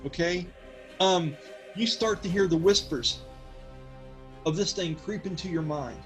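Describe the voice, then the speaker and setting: A high-pitched man narrates as game master of a tabletop game. He tells the scene in a loose, joking way, full of fillers, and faint music plays behind him. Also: a little slow, a bit bright, rough recording.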